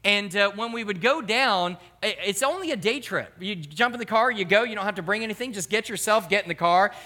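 A man's voice: sits high, animated, brisk, bright, forceful tone. A middle-aged man, a pastor, giving an earnest, emphatic sermon.

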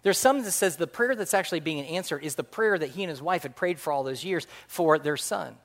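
A man preaching a sermon as pastor, animated and jokey, swinging from loud punchlines to quiet earnest points. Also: on the high side, fairly quick. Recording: long hall reverb.

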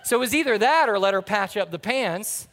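High-voiced man preaching in a reverberant hall. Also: expressive, a little fast, fairly bright tone. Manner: folksy storytelling, calls to the congregation. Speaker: pastor. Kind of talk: sermon.

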